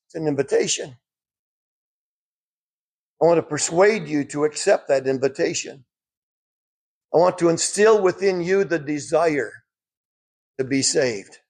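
A man preaching a sermon, rising emphatically when quoting scripture and dropping low for asides. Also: unhurried, pauses often, a little mellow, slightly rough.

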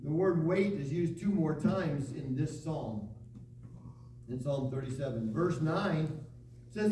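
A man with a high, ringing voice preaches a sermon. He reads scripture and drives his points home with emphatic, repeated calls. He is heard from some distance in an echoey room. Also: animated, slow, mellow, slight background noise. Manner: preaching with rising emphatic repetition, reading scripture aloud. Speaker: pastor.

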